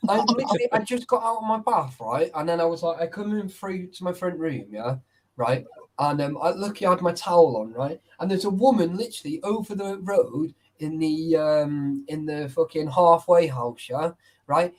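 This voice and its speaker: A man's voice: on the high side, expressive, normal speed. A man guesting on a casual livestream chat, telling blunt, sweary anecdotes full of "right?" asides.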